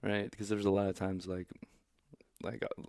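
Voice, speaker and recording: A laid-back young man with a low, gravelly voice rambles through a story on a podcast, full of "like" and "um". The sound is close and dry, with no room in it. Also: level tone, moderate pace, darkish tone, dry recording. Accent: St. Louis. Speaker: comedian guest. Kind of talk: casual podcast chat.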